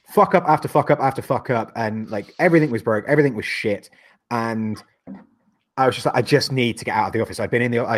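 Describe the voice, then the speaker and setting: A man from the UK co-hosting a podcast, telling a rambling, sweary story with frequent laughs. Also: lowish voice. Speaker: podcast co-host. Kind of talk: casual chat.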